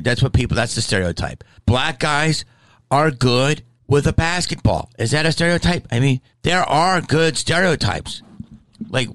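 A man's voice: medium pitch, fairly bright tone, no room sound, poor audio. Middle-aged man, casual chat, rambling, swearing, restarts, dry close sound. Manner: rambling, profane, many restarts.

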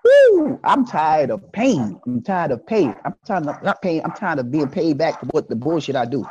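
A man guesting on a podcast, talking in an animated, preachy way and acting out voices in his stories. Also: fairly high pitch, moderate pace, muffled recording. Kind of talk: casual podcast conversation.

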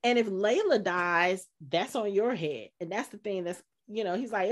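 A woman's voice: medium pitch, moderate pace. A woman co-hosting a podcast, recapping an episode in casual chat and acting out the characters' lines. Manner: animated, acts out character quotes. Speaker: podcast co-host.

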